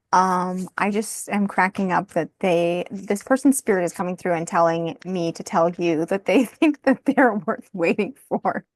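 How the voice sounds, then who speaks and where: A woman's voice: mid-range voice, dry recording. A woman doing a casual tarot card reading, thinking aloud, often breaking into laughter and apologizing. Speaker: tarot reader.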